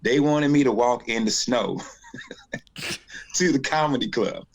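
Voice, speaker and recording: Speaking slowly in a medium-pitched voice, this male guest comedian from North Carolina recounts a story during a relaxed interview. He's an animated storyteller who performs the voices of the people involved.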